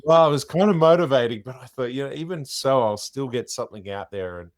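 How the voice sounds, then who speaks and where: An Australian middle-aged man, an impersonator, telling his story in a chatty, animated way as an interview guest. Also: mid-range voice, quick pace, no echo, clean studio sound.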